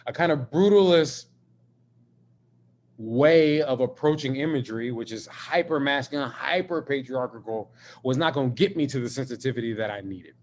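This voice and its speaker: A man, an artist, talking in a live-streamed video conversation, an expressive and emphatic storyteller who swears freely. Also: mid-range voice, moderate pace, slight background noise. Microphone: video call.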